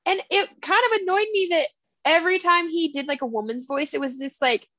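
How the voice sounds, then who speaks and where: Young female co-host, high and dry, chatty, acts out quotes. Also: brisk, no room sound, muffled recording. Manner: animated, full of asides and acted-out quotes. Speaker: podcast co-host. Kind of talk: casual chat about books.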